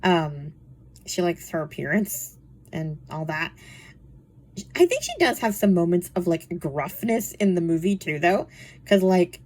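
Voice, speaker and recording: A woman's voice: fairly low pitch, expressive, unhurried, a little mellow. A young woman reviewing books in a casual, chatty way, full of fillers and frequent laughter. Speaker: book reviewer. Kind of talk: casual chat.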